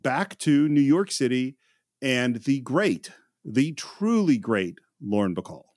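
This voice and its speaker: A man hosting a casual film-discussion podcast, animated and often restarting his sentences. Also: medium pitch, takes it slowly, dry recording, clean studio sound. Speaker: podcast host.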